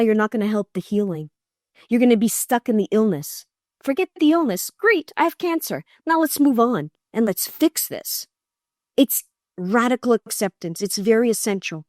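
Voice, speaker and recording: A middle-aged woman, a guest on an interview show, telling her story in an earnest, animated way and acting out other people's voices. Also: a little high, dry recording, studio quality. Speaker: guest, cancer survivor.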